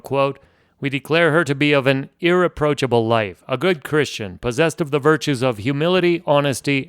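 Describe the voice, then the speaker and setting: A man's voice: mid-range voice, clear, resonant tone, dry recording, clean studio sound. A man hosting a history podcast, telling the story in a conversational way with wry asides.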